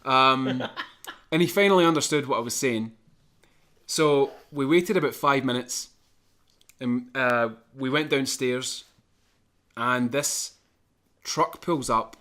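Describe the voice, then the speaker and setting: A man co-hosting a podcast, telling a long personal anecdote in an animated, chatty way and chuckling now and then. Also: medium pitch, takes it slowly, long pauses. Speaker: podcast co-host. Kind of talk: casual storytelling.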